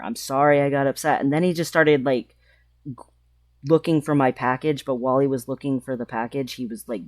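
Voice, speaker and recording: A trans woman telling a personal story in a vlog, speaking emotionally with halting restarts. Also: extremely low pitch, no echo, clean studio sound. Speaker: vlogger.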